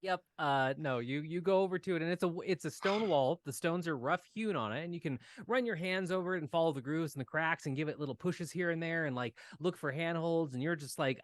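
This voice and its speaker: Game master for a tabletop session, a man with a slightly high voice, loose and rambling. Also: brisk, few pauses, dry recording.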